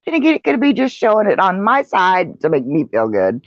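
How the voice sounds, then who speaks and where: Tired woman vlogger, slow chatty ramble, dry muffled sound. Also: mid-range voice, huge pitch swings, no echo. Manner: rambling, chatty, with many fillers and yawns. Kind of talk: casual vlog chat. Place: outdoor porch with traffic nearby.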